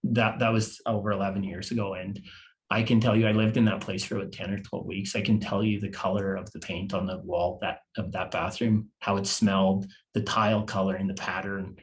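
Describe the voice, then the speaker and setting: A podcast guest in his fifties tells a personal story haltingly and confessionally, often repeating words. His voice is lowish and his delivery flat.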